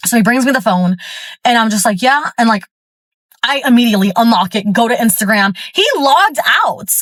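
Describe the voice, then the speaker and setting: A woman's voice: on the high side, a little fast, no echo. A woman from Florida, recorded at a gym, telling a story in a casual, fired-up way with lots of fillers. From Florida, USA. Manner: chatty, filler-heavy, fired-up retelling. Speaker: storyteller vlogger.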